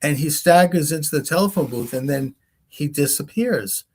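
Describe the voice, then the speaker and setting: With a fairly high pitch, lively intonation and a moderate pace, a man hosting a talk show chats casually. He is a rambling storyteller who acts out quoted voices as he retells events.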